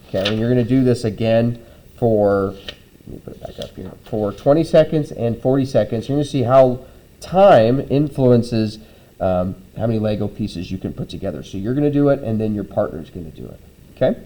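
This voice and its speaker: A middle-aged man explains a classroom lab step by step, his voice mellow and relaxed. He keeps it casual, dropping in fillers and checking in with the students as he goes. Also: mid-range voice, poor audio. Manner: conversational, frequent "okay?" check-ins and "um" fillers. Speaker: teacher.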